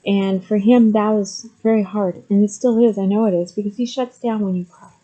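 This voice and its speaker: Speaking to the camera about her own life, a middle-aged woman vlogger uses a relaxed, mellow voice at medium pitch and normal speed. Frequent ums give way to emphatic stresses on her points, and the audio comes across a bit muffled and lo-fi.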